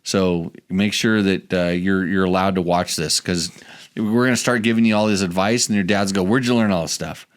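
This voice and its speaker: Guy hosting a chill podcast, lowish voice, kinda rambly, keeps restarting. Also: fairly even intonation, moderate pace, clean tone. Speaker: podcast host. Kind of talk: casual podcast chat.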